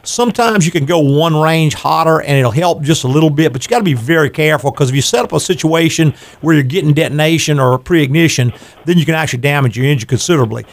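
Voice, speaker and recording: A man's voice: on the high side, fast talker. An older man hosting a call-in radio show on car repair, explaining at length and laughing easily. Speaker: radio show host, garage owner.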